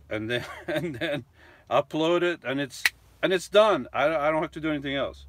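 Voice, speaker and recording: A man's voice: a little high, normal speed, a bit bright, no room sound. A middle-aged man chatting casually on a live stream, reading out viewer comments and rambling with fillers and little self-mocking chuckles. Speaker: vlogger hosting a live stream.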